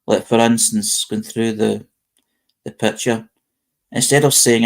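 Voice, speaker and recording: A British man with a strongly gravelly, creaky voice hosts a casual live-stream chat. He reads posts aloud and wanders through his thoughts, often restarting his sentences. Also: medium pitch, level tone, measured pace. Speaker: host.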